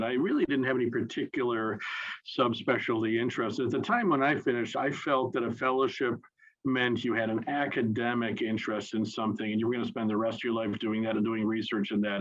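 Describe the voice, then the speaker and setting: Male panelist, mid-range voice, measured delivery, slightly muffled sound. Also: mid-range voice, fairly bright tone. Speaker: panelist neurologist. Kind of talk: panel discussion storytelling.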